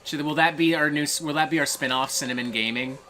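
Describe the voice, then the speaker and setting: A streamer hosting a casual live gameplay stream, swearing a lot, breaking into excitable rants and reading viewer chat aloud. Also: medium pitch, quick pace, slight background noise. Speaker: streamer host.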